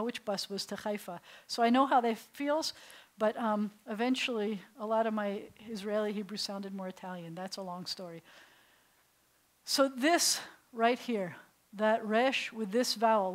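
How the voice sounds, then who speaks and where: A middle-aged woman rabbi teaching a beginners' Hebrew class, patient and playful, slowly sounding out syllables for students. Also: medium pitch, poor audio. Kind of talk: classroom language lesson.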